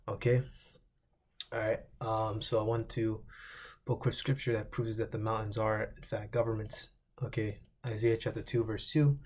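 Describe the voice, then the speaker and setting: A man's voice: fairly low pitch, darkish tone, husky. A man teaching a Bible lesson in a loose, rambling way, swearing casually and repeating lists as he recalls them. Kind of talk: informal scripture lesson.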